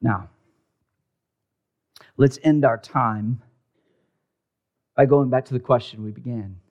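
Male pastor, slow deliberate sermon delivery, drops to hushed whispers for effect, muffled lo-fi audio. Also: medium pitch. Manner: dramatic, swings from loud emphasis to hushed near-whisper.

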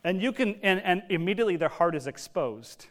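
A man preaching a sermon as pastor, telling the story in a lively, conversational way with casual asides. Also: sits high, a little fast.

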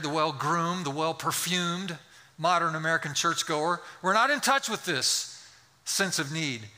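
The voice is a man's, a little high, bright and forceful: a pastor preaching in a church sanctuary. His sermon tells a story and builds into fervent pleading with the congregation.

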